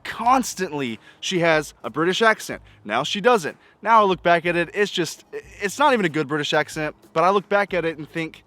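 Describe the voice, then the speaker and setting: A man's voice: on the high side, expressive, moderate pace, few pauses, fairly bright tone, no room sound. A man giving a casual spoken movie review, exasperated and nitpicking, stacking up rhetorical questions. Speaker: film reviewer.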